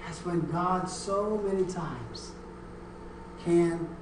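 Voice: medium pitch, lively intonation, extremely slow, noisy background. A middle-aged pastor preaching a sermon, telling stories and then swelling into emphatic preaching. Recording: echoey room, mic far off.

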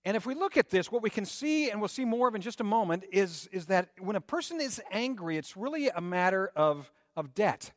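A man's voice: high-pitched, sing-song, brisk, few pauses, no echo, studio quality. A man preaching a sermon, with rising emphasis, rhetorical questions and a conversational tone. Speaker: pastor.

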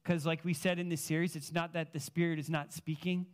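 Guy pastor preaching, slightly high voice, tells stories all animated and chatty. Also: a little fast. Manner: animated storytelling, casual filler words. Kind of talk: sermon with personal stories.

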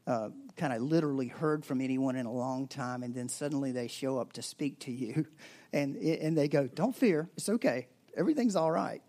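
A man preaching a sermon in a conversational way, rising to loud emphasis and dropping to a near-whisper. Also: medium pitch. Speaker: pastor.

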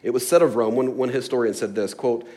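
A man's voice: medium pitch, steady tone, fairly quick, dark tone. A man preaching a sermon, explaining a scripture passage with storytelling and acted-out asides. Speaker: pastor.

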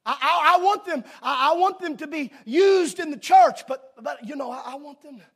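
High-voiced preacher shouting from the pulpit. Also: male voice, normal speed. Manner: shouting emphatic preaching with sudden quiet asides. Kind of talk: sermon. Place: church sanctuary with congregation.

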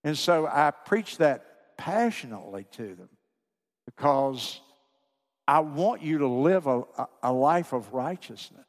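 A pastor preaching a sermon to his congregation, pleading with fervor, then dropping to a hushed voice. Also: fairly high pitch, animated, unhurried. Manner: impassioned, pleading preacher who drops to a hushed voice. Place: church sanctuary. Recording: long hall reverb.

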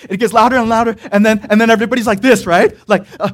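Guy pastor with a pretty high voice, rambly chatty sermon, lots of likes and laughing. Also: rapid-fire, hardly any pauses, fairly bright tone. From Korean church background. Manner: casual, rambling storytelling with many fillers and laughs.

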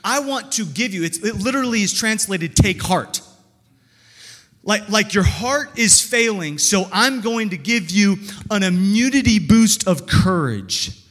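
A man's voice: high-pitched, animated, measured pace, fairly bright tone, long reverb tail. A man preaching an earnest, conversational sermon full of rhetorical questions and restarts. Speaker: pastor.

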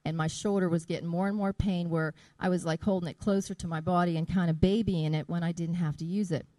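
Woman, middle-aged, earnest testimony, mellow tone, close dry recording. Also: on the low side, fairly even intonation, no room sound. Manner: earnest, slow and deliberate when reading scripture. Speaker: church member giving a testimony. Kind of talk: testimony and scripture reading.

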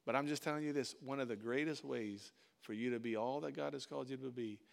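A man's voice: medium pitch, fast talker, vocal fry. A male pastor preaching a sermon in an informal, conversational way, repeating words for emphasis.

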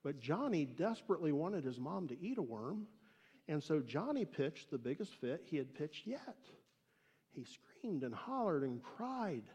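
A man preaching a sermon and telling a story, emphatic and swinging between loud declarations and hushed asides. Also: fairly high pitch, very animated, unhurried. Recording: echoey hall reverb.

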